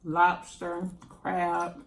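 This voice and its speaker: A woman's voice: fairly low pitch, completely flat delivery, extremely slow, gravelly. A woman hosting a mukbang, chatting casually and laughing while she eats. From Jacksonville, Florida. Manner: chatty, laughs often, talks while eating. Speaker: mukbang channel host. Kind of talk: casual eating chat to camera.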